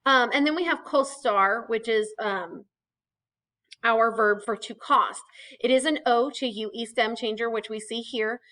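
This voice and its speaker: Woman, teacher, casual chatty lesson, slightly high voice, explains with asides. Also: measured pace, sharp tone, low-quality recording. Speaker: Spanish teacher. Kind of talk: recorded vocabulary lesson.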